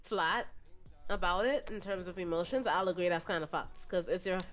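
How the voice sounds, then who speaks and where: A woman's voice: fairly low pitch, normal speed, a bit bright, soft background music. A young woman as a podcast guest in casual chat, frank and thoughtful as she gives her views. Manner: frank, thoughtful, candid opinions.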